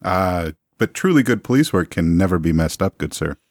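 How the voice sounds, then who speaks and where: A man's voice: low voice, lively intonation, moderate pace, dry recording, clean studio sound. Man playing a pompous 1920s museum owner. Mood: suave. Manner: florid, long-winded, genteel phrasing. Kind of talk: tabletop role-play in character.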